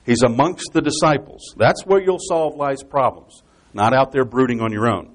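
A man's voice: medium pitch, moderate pace. A man preaching a Bible exposition sermon. He repeats key phrases for emphasis and explains scripture step by step.

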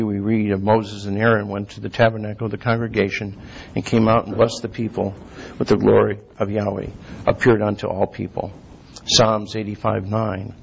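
A man giving a sermon, reading scripture slowly and clearing his throat often. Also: fairly low pitch. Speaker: lay preacher. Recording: dull lo-fi recording.

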